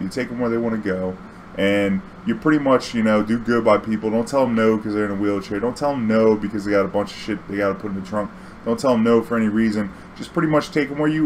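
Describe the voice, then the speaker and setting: A man's voice: mid-range voice, a little hiss or hum, low-quality recording. Laid-back profane New man. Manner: loose, profane, filler-heavy with many "you know"s. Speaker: vlogger. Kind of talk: casual storytime monologue.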